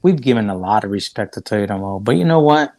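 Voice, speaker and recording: Man, livestream co-host, combative rant, swearing, lively pitch. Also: fast talker. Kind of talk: heated livestream banter.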